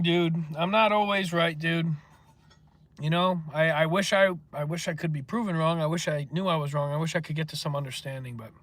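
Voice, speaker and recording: A man's voice: high voice, sharp tone. Profane rambling man on a livestream. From northeastern United States. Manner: profane, rambling, answers chat comments. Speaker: livestream host. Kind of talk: casual livestream chat.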